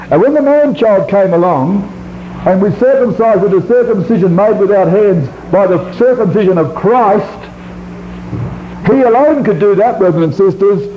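A high-pitched man preaching with a very lively, swooping voice. He hammers key words and then sinks low and quiet, stretching out scripture lines slowly. The recording is dull and lo-fi with a faint hiss underneath. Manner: emphatic, swings from loud high stresses to low quiet drops, drawn-out scripture reading. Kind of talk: sermon.

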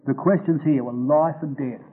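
Male preacher on a tinny phone-like recording. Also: on the high side. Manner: slows to stress quoted scripture. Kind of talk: expository Bible sermon.

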